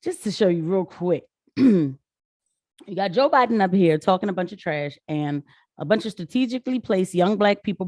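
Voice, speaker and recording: A young woman vlogging casual political commentary, animated and sarcastic, talking straight to her viewers. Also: on the low side, no echo, clean studio sound.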